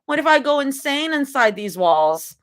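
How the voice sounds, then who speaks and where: A woman's voice: high-pitched, sing-song, moderate pace, a bit bright, pitched above the performer's own voice. A woman voicing a playful young woman stuck in a hospital bed, reading a fanfic aloud in a whiny, teasing manner. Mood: pleading.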